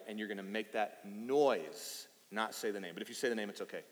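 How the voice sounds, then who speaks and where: A man's voice: on the low side, expressive, fairly quick. A man in his thirties from East Texas, preaching a casual, playful sermon and talking with the children in the congregation. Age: 30s. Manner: playful and chatty, addressing children. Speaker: pastor. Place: church sanctuary. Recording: reverberant hall.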